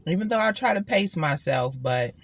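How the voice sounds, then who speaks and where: A young adult vlogger talks candidly to the camera in a casual vlog, her fairly low voice moving at a normal speed with lively intonation. She keeps things loose and calls her viewers y'all, filming at home and later at a gym.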